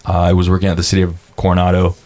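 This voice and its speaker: A young man with a low voice talks casually as a podcast guest. He tells stories in a relaxed, rambling way, calls people dude, swears freely, and acts out what others said. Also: racing. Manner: laid-back storyteller, says dude a lot, swears, acts out quotes. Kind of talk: casual chat.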